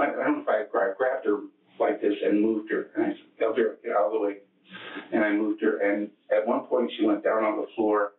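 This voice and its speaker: Captured far from the mic on a tinny, echoing archive recording, a man under questioning as a murder suspect gives his account in a police interrogation. He speaks low and monotone, matter-of-fact but halting, often restarting his sentences.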